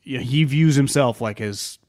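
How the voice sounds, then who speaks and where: A man co-hosting a casual sports podcast, talking in an animated way and acting out players' quotes. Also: mid-range voice, normal speed. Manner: animated, quotes players in mock voices, many restarts.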